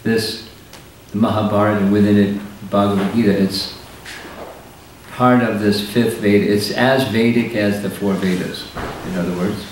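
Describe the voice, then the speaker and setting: A man giving a slow, deliberate scripture lecture as a spiritual teacher, pausing often to let points sink in. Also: fairly low pitch, fairly even intonation. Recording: very echoey hall, voice from far off, faint hiss.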